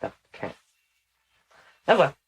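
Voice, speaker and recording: A man speaking in a channeling session, measured and instructive, sometimes formal in phrasing. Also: poor audio.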